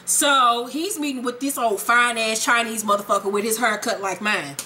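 Bright-voiced woman recapping a TV episode. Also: fairly high pitch, normal speed, slight background noise. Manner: blunt, animated, swears freely. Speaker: TV recap vlogger. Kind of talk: casual, profane episode recap.

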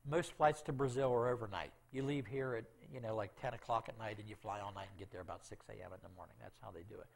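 A man's voice: fairly low pitch, quick pace, creaky. A middle-aged man telling an emotional missionary testimony in a church talk, often checking in with "okay?". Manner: emotional storytelling with frequent "okay?" asides. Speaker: missionary speaker.

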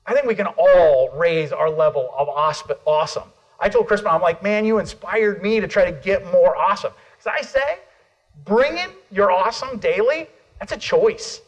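A middle-aged American man giving an energetic motivational keynote at a conference, calling on the audience for responses. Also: sits high, normal speed, highs cut off. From United States. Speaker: motivational speaker.

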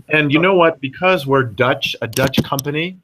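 A man's voice: fairly high pitch, measured pace, fairly bright tone, slight background noise, voice pushed up, low-quality recording. A man voicing a fussy male ad-agency committee member who hedges and doubts. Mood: doubtful. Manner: doubtful, hedging. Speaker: quoted client in an anecdote.

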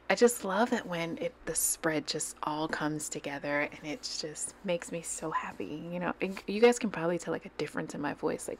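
A woman hosting her planner channel at home, chatting and rambling while she decorates a digital planner into a desk microphone. She gushes over what she likes and drops into soft, near-whispered asides. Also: low-pitched, normal speed, slight background noise.

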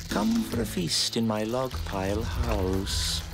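An actor voicing a sly, hungry snake in an animated storybook, smooth-talking and slipping into hisses. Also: mid-range voice. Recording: music bed under the voice.

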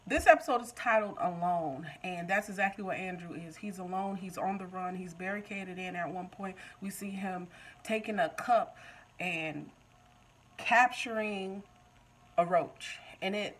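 A woman's voice: on the low side, a little slow, slight background noise, poor audio. A woman recapping a TV episode in a casual, joking way, talking back to the show. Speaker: TV recap vlogger.

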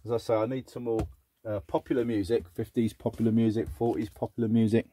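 A middle-aged man chatting casually as he sorts through a box of old records, muttering asides and breaking into excited exclamations. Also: lowish voice, fast, slight background noise. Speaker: record collector vlogger. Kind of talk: casual unboxing chat.

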